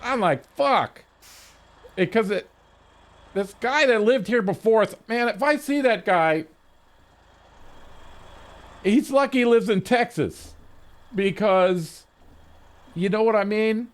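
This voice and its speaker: A man streaming a game, telling a rambling story with frequent swearing and restarts, at his desk mic. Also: sits high. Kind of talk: casual stream chat.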